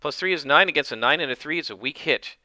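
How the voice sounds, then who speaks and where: Solo game narrator, man, very bright and crisp voice, dry close mic, thinks aloud. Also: on the high side, lively intonation, fast, dry recording. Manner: thinks aloud, with many fillers.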